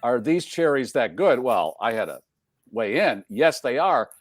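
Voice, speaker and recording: A man's voice: medium pitch, very animated, measured pace, no echo. Male host, jokey rambling chatter, dry close studio sound. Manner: jokey, rambling, laughs often. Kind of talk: casual chat.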